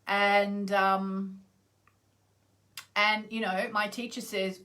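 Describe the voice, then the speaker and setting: A middle-aged woman with an Australian accent, chatting loosely as she hosts a live session over a video call. She rambles from one thought to the next, breaking into loud exclamations and then dropping to soft, trailing endings. Her pitch sits in an ordinary middle range for a woman. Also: slow, long pauses. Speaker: astrologer hosting a live chanting session. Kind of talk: casual live-stream chat.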